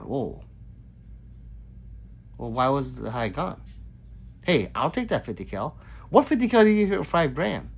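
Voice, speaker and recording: A man's voice: mid-range voice, wildly swooping pitch, slow, vocal fry, pauses often, fairly bright tone, breathy edge. A man hosting a casual livestream, reading viewer chat aloud in a chatty, profane way. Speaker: livestream host.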